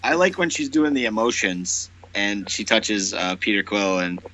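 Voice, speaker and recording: A man's voice: lowish voice, normal speed, bright, forceful tone, rough recording. A man co-hosting a podcast, mostly chiming in with short agreeing replies during a casual movie chat. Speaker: podcast co-host.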